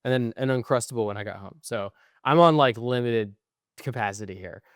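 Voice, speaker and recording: A tired young man co-hosting a podcast, telling long, profane, rambling stories and trailing off quietly at the ends of phrases. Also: mid-range voice, a little fast, dry recording, clean studio sound. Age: young adult. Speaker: podcast co-host. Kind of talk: casual chat.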